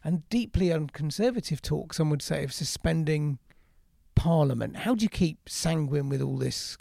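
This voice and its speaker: A man hosting a podcast interview, asking probing questions with lively inflection. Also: a little high, normal speed, creaky, dry recording, clean studio sound. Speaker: podcast host.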